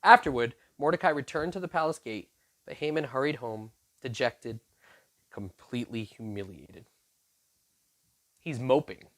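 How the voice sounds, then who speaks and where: A youth pastor giving an animated sermon, retelling a scripture story in a lively, conversational way with playful asides. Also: medium pitch, normal speed, pauses often.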